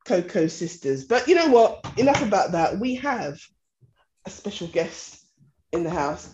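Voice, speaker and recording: Lively woman from east london hosting a podcast, pitch swings all over, laughs a lot, dull lo-fi sound. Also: measured pace. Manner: animated storyteller, laughs often. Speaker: podcast host. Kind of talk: casual podcast chat.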